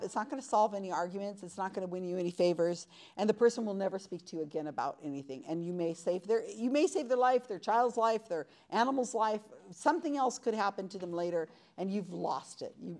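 A woman's voice: mid-range voice, expressive, brisk, few pauses, darkish tone. A woman leading an interactive workshop, talking conversationally and asking the audience questions in a room full of people. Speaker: workshop presenter.

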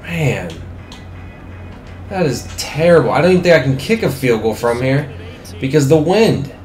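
A young man giving live, excitable commentary on his own football video game, swearing freely and talking at the screen. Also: mid-range voice, moderate pace, roomy sound, soft background music. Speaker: gaming commentator.

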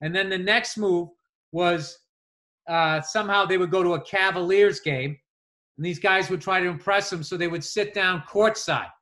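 A man co-hosting a podcast, telling animated stories in casual chat and swearing freely. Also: high voice, moderate pace. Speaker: podcast co-host.

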